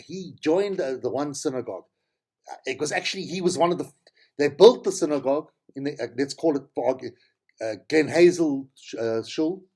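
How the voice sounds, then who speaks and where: A man's voice: on the high side, mellow, husky. A middle-aged man with a South African accent, telling rambling, tangential stories as a podcast host. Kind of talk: casual monologue.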